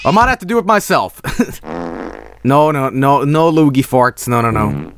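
A man streaming casually, giggling, excitable and swearing as he works. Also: medium pitch, moderate pace, no room sound. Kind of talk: casual livestream commentary.

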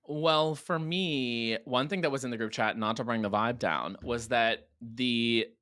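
A man co-hosting a political podcast, animated and opinionated, laughing often. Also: medium pitch, a little slow, no room sound, clean studio sound. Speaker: podcast co-host. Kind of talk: casual political podcast chat.

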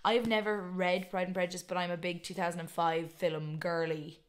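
A woman's voice: lowish voice, level tone, normal speed, heavy background noise. A woman in her twenties with an Irish accent, chatting to camera in a casual, long-winded, self-mocking way. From Ireland. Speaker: vlogger.

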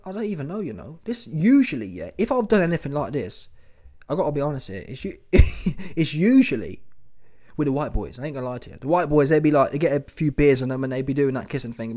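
A man's voice: fairly high pitch, a little mellow. A man hosting casual commentary, slangy and mocking, who keeps tagging his lines with "yeah?". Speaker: host of a commentary channel.

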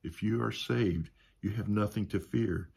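A man's voice: on the low side, unhurried, gravelly, a little mellow, husky. A man teaching a Sunday school Bible lesson in a conversational way, often adding "you know" and asking the class questions.

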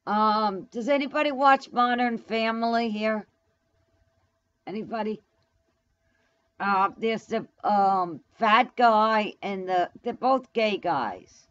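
A woman's voice: medium pitch, takes it slowly, fairly bright tone, lo-fi sound. A woman live streaming from home in New York, rambling casually to her viewers, blunt and profane as she talks back to the chat. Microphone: camera mic.

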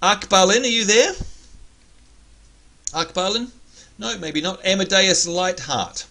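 A man's voice: sits high, slow pace, sharp tone. An Australian man hosting a gaming livestream, chatting playfully and teasing his viewers. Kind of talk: casual livestream chat.

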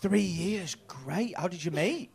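A man in his thirties working the crowd on a comedy club stage. His voice sits high for a man and swings all over, and he talks in quick, sweary bursts full of stammered restarts. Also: expressive, creaky, husky. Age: 30s. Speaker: stand-up comedian doing crowd work. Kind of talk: stand-up crowd work.

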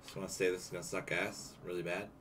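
A young man streaming a game, commenting live in an excitable, swearing way and yelping when things go wrong. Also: deep voice, fast.

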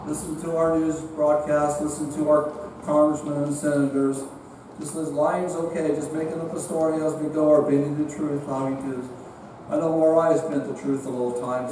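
A man's voice: on the high side, flat delivery, moderate pace, background noise. A man with a Central California accent preaching a sermon in a church, telling stories in a folksy, emphatic way. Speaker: visiting preacher. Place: church sanctuary. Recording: echoey church from far off.

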